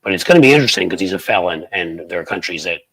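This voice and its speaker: A man's voice: sits low, lively intonation, rapid-fire, a bit bright, slightly rough, poor audio. A man hosting a political livestream, talking in a rambling, angry, sarcastic way, full of fillers and restarts as he reads viewer chats. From United States. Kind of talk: casual livestream commentary reading viewer chats.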